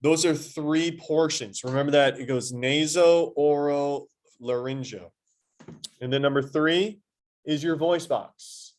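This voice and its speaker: A man teaching a high school anatomy lesson in a classroom, quizzing his students and adding playful asides. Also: slow pace. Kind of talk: classroom lecture.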